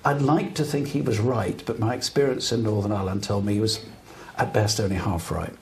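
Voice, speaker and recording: A man's voice: on the low side, fairly even intonation, a little fast, background noise. An older man from Britain who tells stories earnestly and emphatically as a guest at a public talk. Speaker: guest broadcaster. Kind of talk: live public interview storytelling. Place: talk venue with an audience.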